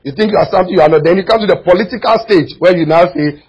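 A man preaching a sermon as pastor, swinging from near-shouts to quiet, low asides. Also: racing, hardly any pauses, husky, muffled recording. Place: church.

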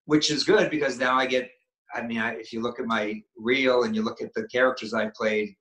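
Rambling actor with a bright, echoey voice. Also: male voice, medium pitch, steady tone, brisk. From Maine, New England. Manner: rambling, many restarts and fillers. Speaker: actor, interview guest. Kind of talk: casual interview talk. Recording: echoey room.

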